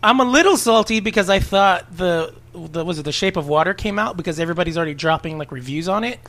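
A woman's voice: fairly low pitch, quick pace, fairly bright tone. A woman hosting a podcast, talking casually in a rambling way with many fillers. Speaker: podcast host. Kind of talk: casual chat.

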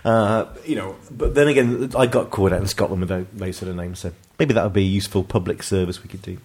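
A man's voice: deep voice, fast, a little mellow, breathy edge. A man, co-hosting a casual podcast chat, reading out listener questions and laughing often.

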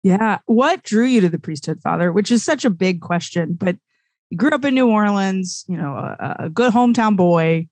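A woman's voice: medium pitch, animated, normal speed, a little mellow, no echo. A woman with a Louisiana accent hosting a podcast, chatty and friendly as she introduces and questions her guest. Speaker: podcast host. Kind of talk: podcast interview.

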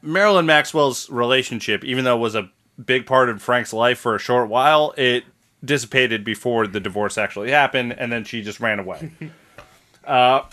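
A man's voice: mid-range voice, moderate pace, pushed and bright. A man hosting a podcast who tells a history story in a casual, loose way, swears freely and acts out the people he quotes.

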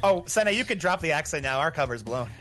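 A man's voice: a little high, animated, fast talker, over music. A man playing a tabletop game, joking and laughing as he teases the others. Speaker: player. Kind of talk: casual tabletop game play.

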